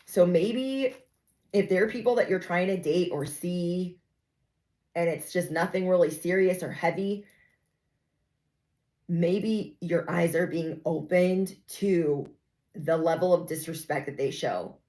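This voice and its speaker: A young adult woman, a tarot reader, gives her viewers a casual, sassy spoken reading, chatting away and acting out the voices of the people she describes. Her voice is fairly low and dark-toned, she takes it slowly, and the recording is rough.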